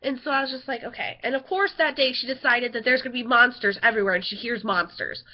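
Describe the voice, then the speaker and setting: A woman's voice: a little high, fast talker, muffled recording. A young woman chatting casually in a rambling home vlog, easily sidetracked and giggly. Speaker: vlogger.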